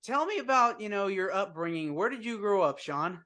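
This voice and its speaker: A man's voice: sits high, animated, normal speed, sharp tone. Upbeat male podcast host. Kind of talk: interview podcast hosting.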